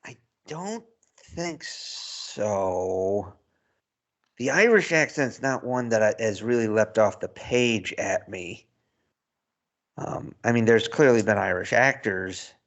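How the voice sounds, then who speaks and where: Man, low gravelly voice, casual podcast banter, rambling with chuckles. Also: expressive, slow pace. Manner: rambling, chuckles through points. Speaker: podcast co-host. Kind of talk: casual chat.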